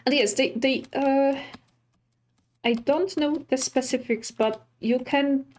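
Slow-talking woman narrating her gameplay. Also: high voice, fairly even intonation, a little mellow. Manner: chatty, easily startled, talks to animals and villagers. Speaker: streamer. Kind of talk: casual gameplay commentary.

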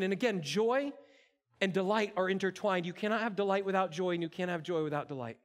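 A high-pitched male pastor delivers his sermon in a church auditorium. He's playful and interactive, talking straight to the people in the seats. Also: quick pace. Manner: playful, interactive, addresses congregation directly. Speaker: campus pastor.

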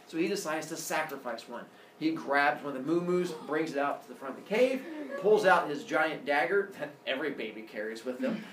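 A man's voice: fairly high pitch, animated, fairly quick, fairly bright tone. A man retelling a myth in a casual, jokey way, full of sound effects, recorded in a roomy space from a distant mic with faint noise. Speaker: storyteller.

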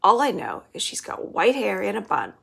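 A woman's voice: medium pitch, normal speed, creaky, husky. A woman librarian reading the first chapter of a children's novel aloud, telling it expressively. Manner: expressive storytelling.

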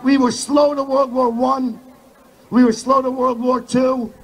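High-voiced man with a building cadence. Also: flat delivery, measured pace, husky, low-quality recording. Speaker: rally speaker. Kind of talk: rally speech. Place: outdoor rally.

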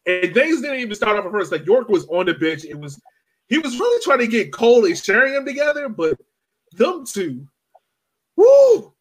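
A man co-hosting a football podcast, telling stories in a loose, slangy, animated way and acting out quotes. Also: high-pitched, fairly quick, rough recording. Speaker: podcast co-host. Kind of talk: casual chat.

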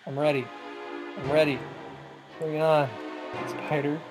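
A let's-play host chatting through a building session in an easygoing, excitable way. They talk to themselves as they play, count things out loud, and jump with nervous alarm when monsters appear. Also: mid-range voice, measured pace, music in the background, poor audio. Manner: excitable, thinks aloud, startles easily. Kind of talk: casual gameplay commentary.

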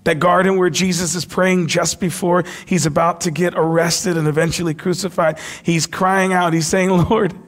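A man preaching a sermon as pastor, impassioned, dropping to a hush when he quotes. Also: sits high, steady tone, moderate pace, hardly any pauses. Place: church sanctuary.

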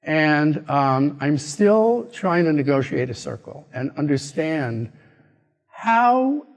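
An American man giving a conference keynote, telling a story in an animated way and acting out the voices of the people in it. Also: fairly high pitch, takes it slowly. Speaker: keynote speaker. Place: conference hall. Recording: echoey hall.

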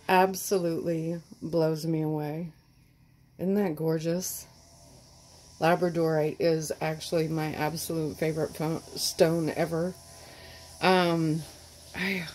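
A woman's voice: sits low, steady tone, takes it slowly, long pauses, a little mellow, a little hiss or hum. A woman hosting a casual unboxing vlog, gushing and stammering, choked up and close to tears. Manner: gushing, stammering, breaks off mid-sentence. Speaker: channel host.

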